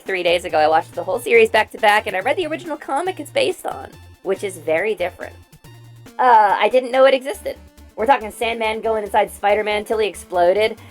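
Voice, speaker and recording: A young woman streamer talks in an excited, rambling way, tripping over her words as she jumps between bits of trivia. Her voice is very lively, swinging high and low. Faint music plays quietly behind her. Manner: rambling, excited trivia talk with quick restarts. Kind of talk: casual stream chat.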